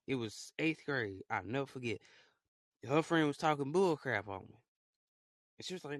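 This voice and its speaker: A man's voice: mid-range voice, lively intonation, moderate pace, pauses often, no echo. Young man, solo podcast host, rambling, heartfelt, dry close sound. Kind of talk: casual solo podcast monologue.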